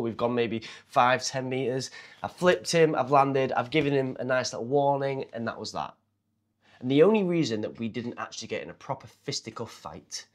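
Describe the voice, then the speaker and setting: A young man with a fighter's background, retelling a story casually and animatedly, acting out the people in it. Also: mid-range voice. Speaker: martial arts fighter and confidence coach.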